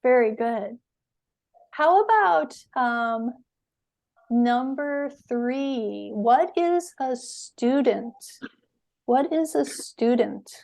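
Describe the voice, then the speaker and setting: A woman teaching English in a webinar, explaining words slowly and patiently with clear stress. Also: on the high side, expressive, darkish tone.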